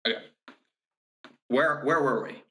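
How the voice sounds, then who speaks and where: A man co-hosting a comedy podcast over a video call, making wry, deadpan asides. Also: mid-range voice, unhurried. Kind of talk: casual comedic chat and script reading. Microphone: video call on a mobile hotspot.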